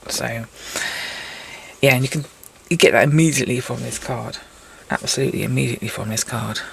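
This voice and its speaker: A woman's voice: a bass voice, a little fast, vocal fry, fairly bright tone. A woman giving a casual tarot reading, chatty and rambling, with self-mocking asides. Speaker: tarot reader. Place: indoors at a table with cards.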